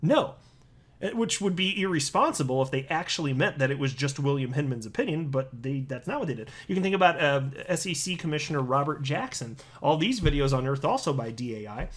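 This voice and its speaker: Blunt opinionated man, slightly high voice. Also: expressive, fairly quick. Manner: blunt, scornful opinionated delivery with restarts. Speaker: crypto commentary host. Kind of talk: casual commentary monologue.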